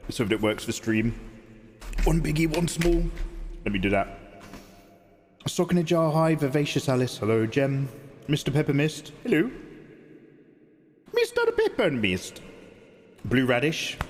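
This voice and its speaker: A man streaming live, chatting casually with viewers while often clearing his throat. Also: mid-range voice. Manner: chatty, greets viewers, jokey. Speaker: livestreaming artist.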